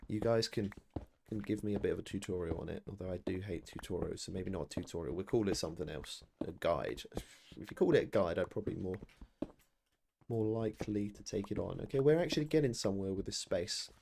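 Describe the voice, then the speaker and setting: A man's voice: fairly low pitch, vocal fry, a little mellow, slight background noise. A British man in his thirties chatting casually to viewers during a live game stream, rambling and self-deprecating. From Britain.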